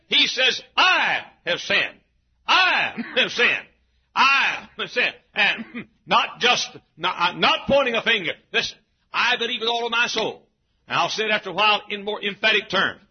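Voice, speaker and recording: A man preaching an emphatic sermon in a church, often shouting. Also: sits high. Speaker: pastor. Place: church sanctuary. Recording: dull, husky lo-fi church recording.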